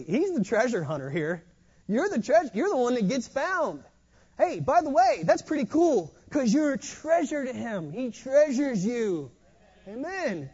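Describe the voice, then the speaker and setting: A preacher giving a sermon in an animated way, often repeating words as they go. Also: mid-range voice. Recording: dull lo-fi recording.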